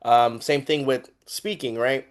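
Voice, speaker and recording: Animated, laughing male podcast host. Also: medium pitch, measured pace, clear, resonant tone. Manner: animated storyteller, laughs often. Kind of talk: casual chat.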